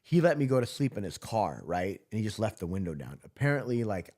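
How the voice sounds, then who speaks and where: Low-voiced man telling a raw story. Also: big pitch swings, a little fast, a little mellow. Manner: profane, rambling, many restarts. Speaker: podcast guest. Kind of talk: casual storytelling interview.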